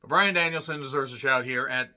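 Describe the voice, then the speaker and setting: Blunt male host, bright edgy voice, frequent throat-clearing, casual ranking rant. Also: medium pitch, brisk. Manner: blunt, profane, clears throat often, animated on names. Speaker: wrestling commentator and list host. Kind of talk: casual opinionated ranking monologue.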